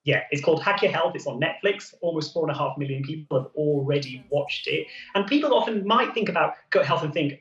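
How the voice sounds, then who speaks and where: A man, a TV doctor, giving brisk, clear health advice on a morning show. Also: on the high side, animated, fairly bright tone, echoey room, recorded from a distance, muffled recording. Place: TV studio.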